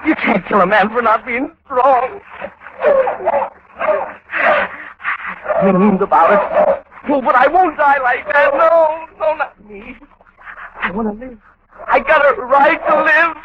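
A terrified, stammering fugitive. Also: male voice, very high voice, unhurried. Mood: desperate. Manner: stammering, pleading, panicky. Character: terrified simple-minded man fleeing a manhunt. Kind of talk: 1940s radio acting. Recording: dull old radio recording with hiss.

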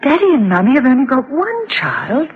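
An anxious young mother, hesitant and gentle, her pitch lively. The old radio recording sounds dull and lo-fi. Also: normal speed. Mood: worried. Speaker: narrator.

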